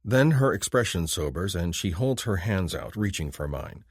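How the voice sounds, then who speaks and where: A man narrating a romance audiobook in the first person, in an expressive, intimate manner. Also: deep voice, moderate pace, husky, no room sound, studio quality.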